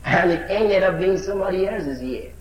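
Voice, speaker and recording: Man, preacher, fervent sermon, shouting and low asides, very expressive pitch, roomy echo. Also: normal speed, muffled recording.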